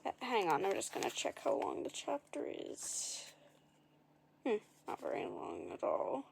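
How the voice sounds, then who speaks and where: A woman's voice: mid-range voice, wildly swooping pitch, a little slow, vocal fry, noisy background. A woman reading a storybook aloud in a casual way, adding wry, dry asides and fixing her own slips as she goes. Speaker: narrator.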